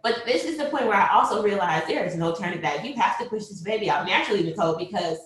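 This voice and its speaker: A young woman telling a personal story, animated, acting out what people said and laughing often. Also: medium pitch, fast talker. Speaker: mother telling her birth story. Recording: very echoey room.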